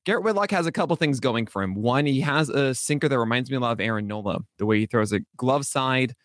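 A man appearing as a guest analyst on a podcast, explaining eagerly and quickly. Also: medium pitch, expressive, dry recording, clean studio sound. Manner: eager, rapid-fire explainer.

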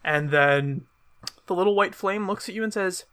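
A man narrating as game master in a tabletop game, in a measured, descriptive way. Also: high voice, fairly bright tone, smooth.

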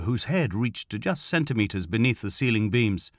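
Low-voiced male audiobook narrator. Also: expressive, moderate pace, few pauses, no room sound, studio quality. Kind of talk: scripted narration.

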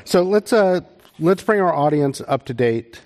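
A man's voice: on the high side, lively intonation, a little slow, darkish tone. A man moderating a panel on stage before a live audience, asking questions in an easygoing, conversational way with frequent fillers.

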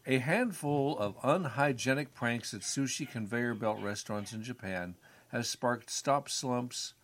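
A man co-hosting a relaxed talk show. He answers in short, dry replies and moves the talk on to news items. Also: medium pitch, unhurried. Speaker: co-host. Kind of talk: casual chat, reading news items.

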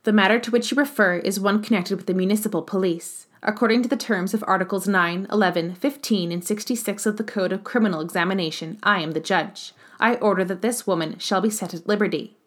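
A woman voicing a male town mayor who speaks calmly and gently but with quiet authority. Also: medium pitch, moderate pace, hardly any pauses, lightly acted. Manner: calm and conciliating, gently severe.

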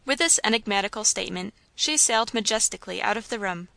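A woman's voice: mid-range voice, quick pace, creaky, sharp tone, no echo. A woman reading a novel aloud as scripted narration, lightly shading the characters' dialogue. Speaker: audiobook reader.

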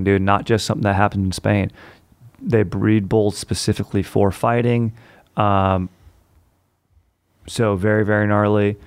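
Rambling through stories in a relaxed, profane chat, a young man says "dude" nonstop to everyone. His voice sits fairly low, creaky and a little mellow, captured in a dry recording.

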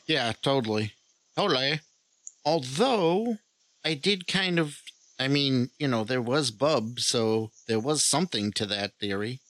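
A man's voice: medium pitch, lively intonation, unhurried, fairly bright tone, no echo. Dry-sounding laid-back man. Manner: laid-back, short agreeing replies, casual swearing. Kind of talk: casual film discussion.

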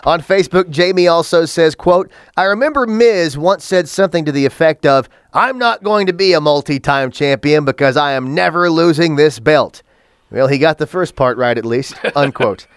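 A man's voice: on the high side, moderate pace, smooth, dry recording, clean studio sound. A man co-hosting a podcast in casual chat, crude and joking, reading out listener comments. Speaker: podcast co-host.

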